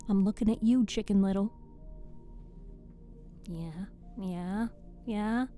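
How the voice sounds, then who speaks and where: At her microphone, a young streamer who also narrates audiobooks chats and jokes casually with her live-stream audience. She has a warm, medium-pitched voice and a slow pace, backed by soft music.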